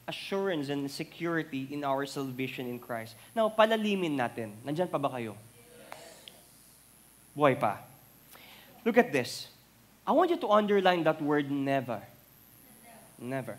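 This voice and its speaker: Filipino man, pastor, sermon, rather high voice, emphatic bursts. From Philippines. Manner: switches between English and Tagalog, builds to loud emphatic peaks on key words.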